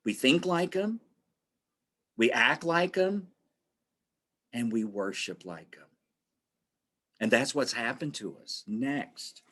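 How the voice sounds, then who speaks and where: A man's voice: mid-range voice, expressive, takes it slowly, long pauses, fairly bright tone. A man presenting a webinar in a conversational, storytelling way, repeating phrases for emphasis and acting out the voices of people he quotes.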